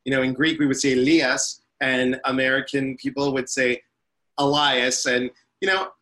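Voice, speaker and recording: A man's voice: mid-range voice, flat delivery, a little fast, sharp tone, poor audio. A man in his fifties, a spiritual teacher and interview guest, telling his life story in a chatty, rambling way. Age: 50s.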